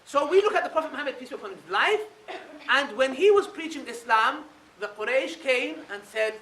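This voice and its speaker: A man lecturing a live audience in a high, bright voice, full of rhetorical questions. He sounds distant from the mic in an echoey hall, with faint noise behind him. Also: brisk. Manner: animated, keeps asking rhetorical questions with a tag "yeah?". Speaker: Islamic speaker addressing an audience.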